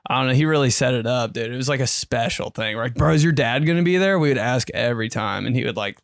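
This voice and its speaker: A man on a close, dry microphone, trading animated stories in casual podcast chat. He leans on "like" constantly and throws himself into the telling. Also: medium pitch, quick pace, creaky, no room sound. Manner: animated storyteller, heavy use of "like". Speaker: podcast co-host.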